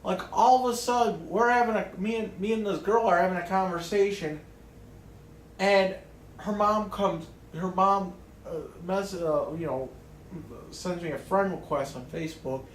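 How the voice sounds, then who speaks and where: A man's voice: high voice, normal speed, roomy sound, slight background noise. A man ranting casually to camera in a rambling way, swearing often and restarting his sentences. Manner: rambling, profane, many restarts and fillers. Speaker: vlogger.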